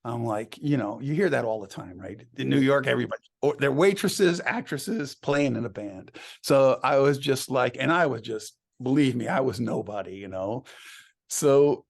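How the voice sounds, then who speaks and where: A man's voice: medium pitch, creaky. A man, a songwriter guest in an interview, telling anecdotes casually, laughing often and acting out the dialogue he quotes.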